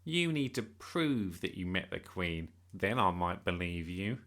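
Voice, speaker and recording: Drawling bully kid, as a man reads him, sneering and slow, gravelly. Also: deep voice, sing-song, a bit bright, heavily acted.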